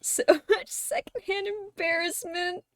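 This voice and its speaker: A woman hosting a casual livestream chat with viewers. She laughs constantly, swears freely and gushes like an excited fan. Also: extremely high pitch, takes it slowly, no echo, studio quality. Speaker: streamer host.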